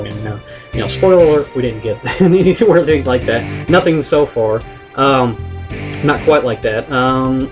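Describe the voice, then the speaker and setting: A man's voice: medium pitch, lively intonation, fairly quick, over music. A man ranting on a vlog, exasperated and profane, rambling with many restarts. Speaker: vlogger. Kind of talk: comedic rant vlog.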